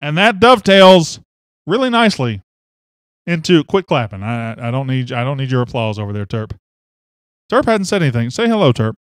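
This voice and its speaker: A man hosting a sports podcast in casual chat, excitable and teasing, swinging from loud bursts to quiet asides. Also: mid-range voice, normal speed, clean tone, dry recording. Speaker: podcast host.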